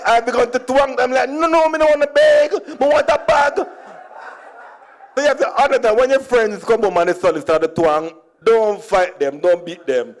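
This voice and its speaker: A middle-aged Jamaican man with a Jamaican accent, giving a comic storytelling speech at a conference and slipping between Creole and standard English while chuckling at his own jokes. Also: high voice. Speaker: conference speaker.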